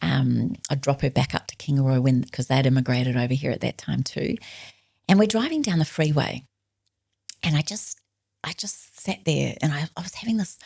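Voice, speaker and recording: A middle-aged woman, a podcast guest, telling personal stories earnestly and reflectively, sometimes dropping to a soft whisper. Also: very deep voice, normal speed, vocal fry, husky, no echo, clean studio sound. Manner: earnest, drops to a soft whisper when quoting others. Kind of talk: reflective storytelling conversation.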